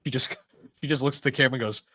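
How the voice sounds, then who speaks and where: A man's voice: mid-range voice, rapid-fire, bright, forceful tone, dry recording. A man co-hosting a podcast, chatting enthusiastically about retro games, laughing and swearing often. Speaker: podcast co-host.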